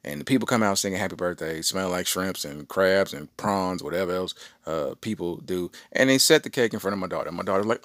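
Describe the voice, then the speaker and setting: A man's voice: deep voice, fairly quick, hardly any pauses, no room sound, studio quality. A middle-aged man hosting a podcast, telling a rambling story in a casual, slangy way. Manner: animated, rambling, with slangy asides. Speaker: podcast host.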